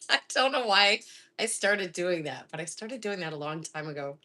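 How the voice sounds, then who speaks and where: A middle-aged woman from Florida chatting casually while cooking in her home kitchen, laughing often and sometimes dropping to a soft half-whisper. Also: on the low side, big pitch swings, a little slow. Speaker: live-stream cooking host.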